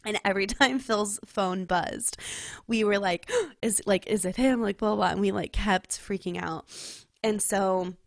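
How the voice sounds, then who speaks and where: A young woman from California, co-hosting a podcast and telling a personal story in casual, heartfelt chat, full of "like" and quick laughs. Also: medium pitch, fairly even intonation, creaky, dry recording, studio quality. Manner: chatty storytelling, heavy use of "like", laughs often. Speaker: podcast co-host.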